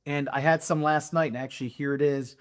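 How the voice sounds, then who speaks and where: A man in his fifties talks casually through his daily food, rambling a little and thinking out loud as he goes. His voice sits slightly high for a man. He pads his sentences with easy fillers and restarts. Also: fairly even intonation, a little fast. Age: 50s. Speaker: vlogger sharing his daily meals. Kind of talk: casual show-and-tell chat.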